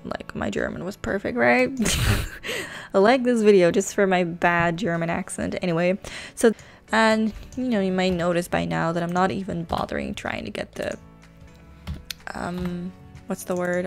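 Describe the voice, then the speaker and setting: Female tutorial host, chatty and rambling, slight vocal fry, light music underneath. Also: on the low side, fairly even intonation, normal speed. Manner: chatty, rambling, self-teasing. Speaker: gaming channel host. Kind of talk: casual screen-recorded tutorial. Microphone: desk microphone.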